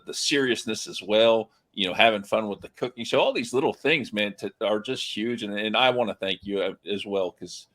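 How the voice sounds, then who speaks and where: Earnest cohost guy, rambles, lower pitch but sharp tone. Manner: earnest, rambling with many fillers. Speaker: podcast co-host. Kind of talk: casual podcast hosting.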